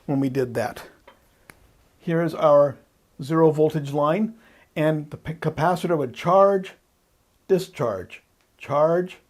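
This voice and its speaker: A man with a slightly high, husky voice teaches electronics, walking through each step as he draws. He talks patiently, comes back to the main points and thinks aloud as he goes. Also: a little mellow. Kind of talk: explaining while drawing on a board.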